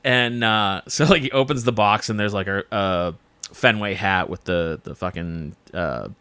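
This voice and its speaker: A man's voice: lowish voice, a little slow, clean tone, no echo. A man hosting a podcast, telling stories in casual chat and swearing often. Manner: animated storytelling, swears often. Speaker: podcast host.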